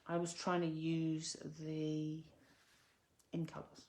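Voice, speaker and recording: A woman's voice: sits low, completely flat delivery, slow pace, warm tone, reverberant, slight background noise. A woman demonstrating card making in a chatty, self-correcting way, sometimes dropping to a near-whisper while she concentrates. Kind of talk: casual crafting tutorial.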